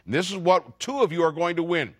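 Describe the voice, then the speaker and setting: A man hosting a sports talk show, quick-witted and teasing, with a Pittsburgh accent. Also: on the high side, expressive, noisy background. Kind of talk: lively sports talk and interviews. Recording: music faintly behind.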